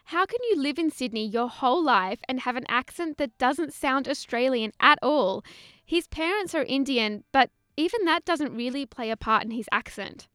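A woman's voice: sits high, animated, normal speed, fairly bright tone, clean tone, no echo. A woman co-host narrating a scripted audio feature in an upbeat, inquisitive way.

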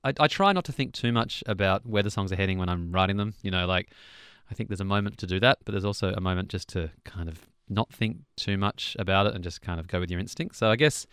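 A man's voice: sits low, quick pace, hardly any pauses, fairly bright tone, clear, resonant tone, no room sound, studio quality. A young man, a songwriter, chatting loosely in an interview with restarts and small laughs. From Australia. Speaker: songwriter guest. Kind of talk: relaxed interview chat.

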